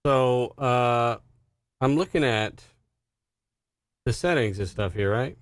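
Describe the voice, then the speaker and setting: Man, mid pitch, dry close mic, jokey casual podcast banter. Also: animated, slow, dry recording. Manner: joking, laughs often, loose and profane. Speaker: podcast co-host. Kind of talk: casual gaming podcast chat.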